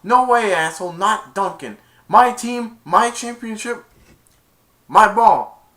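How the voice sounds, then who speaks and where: A cocky football star who shouts in a raised, pushy voice, as a man puts him on. He is bossy and full of himself, and the pitch climbs well above his normal talk. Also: slow, heavily acted.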